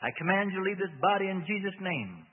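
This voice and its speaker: A man's voice: high voice, expressive, a little fast, breathy edge, voice pushed up. A man voicing a firm male deliverance minister who questions and commands a demon. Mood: commanding. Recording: tinny phone-like radio sound.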